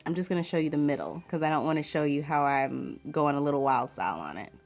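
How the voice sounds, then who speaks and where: A woman's voice: low voice, fast, a little mellow. A young woman vlogging at home in a casual, rambling chat with lots of fillers.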